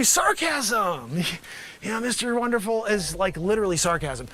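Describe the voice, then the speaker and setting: Man, improv comedy host, manic, rambling, sarcastic, high-pitched, bright tone. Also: very animated, unhurried. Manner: manic, rambling, sarcastic, swings between loud outbursts and mutters. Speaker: host of a live improv comedy and music show. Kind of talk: improvised comedy bit, pitching a product to investors.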